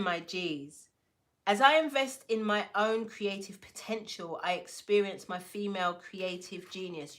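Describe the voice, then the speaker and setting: Bright-voiced, chatty woman card reader. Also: mid-range voice. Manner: playful, affirming, slangy and chatty. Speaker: tarot and oracle card reader. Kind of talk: casual spiritual card reading.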